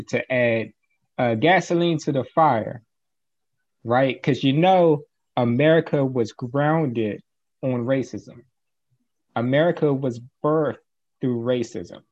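A man with a mid-range voice, talking through events one point at a time in a measured, conversational way. The audio is a little dull and muffled. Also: mid-range voice, a little mellow. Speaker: podcast co-host. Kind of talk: casual commentary.

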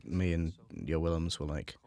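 Deep-voiced man on a film commentary. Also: normal speed, gravelly, no echo. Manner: animated, laughing, acts out quotes. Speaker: film director. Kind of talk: commentary track chat.

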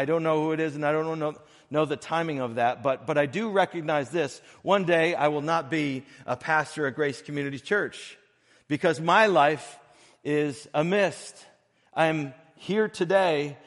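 A man preaching a sermon as pastor of a church, earnest and measured, breaking his phrases with pauses and swinging between soft and loud. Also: fairly high pitch, in a large hall. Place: church sanctuary.

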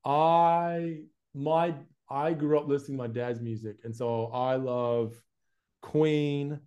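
Laid-back young guy, american accent with some aussie in it, mellow tone, casual interview chat. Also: mid-range voice, slow pace, muffled recording. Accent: mixed American and Australian. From United States, Florida. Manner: relaxed, chatty, says "man" and "like" a lot. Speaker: guest, YouTube advertising specialist.

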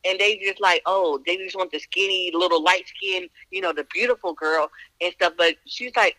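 A woman with a Northern US accent co-hosting a podcast, talking in a blunt, profane, animated way. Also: mid-range voice, normal speed, no echo, low-quality recording. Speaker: podcast co-host. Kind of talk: casual chat.

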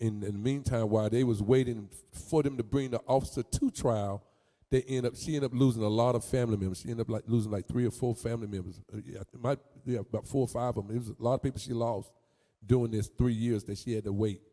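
A man commentating on a court clip in a religious talk show, animated and repetitive, stammering and swinging into loud sing-song lines. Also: mid-range voice, quick pace, long reverb tail.

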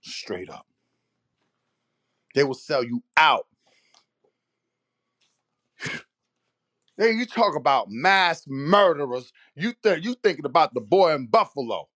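Heated, lively-voiced man ranting. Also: a little high, slow, long pauses. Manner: heated, profane, rhetorical questions. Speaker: podcast host. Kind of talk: ranting monologue.

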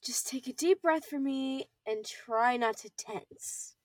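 A brisk, cheerful young medic soothing a patient with an easy bedside manner, voiced by a teenage girl. The voice rides fairly high. The recording is dry and the mic sits a little far off. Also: no echo. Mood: reassuring. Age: teens. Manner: bright, reassuring bedside manner.

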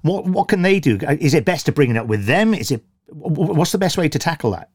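A man hosting an interview, asking questions in a conversational way with halting restarts. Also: on the high side, big pitch swings, a little mellow. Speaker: host.

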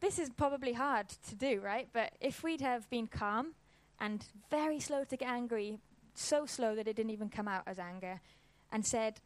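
A woman's voice: on the high side, normal speed, hardly any pauses, dry recording. A woman, giving an informal church talk and telling a personal story in a casual, conversational way. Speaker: church speaker.

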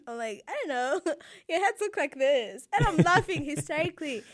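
Young woman, high voice, animated storyteller who laughs a lot and mimics others. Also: moderate pace, no room sound, studio quality. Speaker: guest telling a story. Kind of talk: casual chat.

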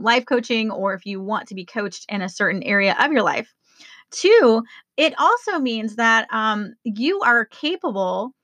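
A woman's voice: mid-range voice, sharp tone, no echo. A woman hosting her own podcast as a life coach, talking casually and enthusiastically to listeners. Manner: upbeat, enthusiastic, spells things out slowly.

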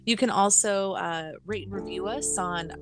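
A woman co-hosting a podcast in casual chat, laughing often and filling pauses. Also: medium pitch, music in the background. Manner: giggly, chatty, lots of fillers. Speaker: podcast co-host. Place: in California.

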